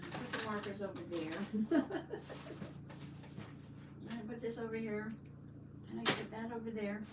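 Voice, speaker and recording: An older woman hosting a casual crafting livestream, chatting warmly and greeting viewers by name as she reads the chat. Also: a little high, steady tone, a little slow. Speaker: livestream host. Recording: roomy, distant mic, faint background noise.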